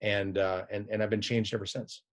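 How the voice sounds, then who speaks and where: This middle-aged guest, a physician and editor, speaks fairly quickly in a lowish voice with little pitch movement. His story in the casual interview wanders, full of restarts and repeated words.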